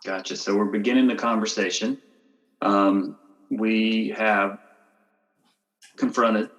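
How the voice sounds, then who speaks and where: Hesitant low-voiced male podcast host. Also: fairly even intonation, slow, fairly bright tone, muffled recording. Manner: hesitant, many fillers and restarts. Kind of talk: podcast interview.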